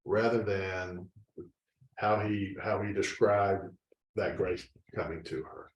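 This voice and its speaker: A man with a lowish voice talks haltingly in a casual discussion and often restarts his sentences. He sounds far from the mic in a roomy, echoing space. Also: steady tone, lo-fi sound, slight background noise. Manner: halting, restarts phrases while searching for words. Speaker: discussion group member. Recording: echoey room, distant mic.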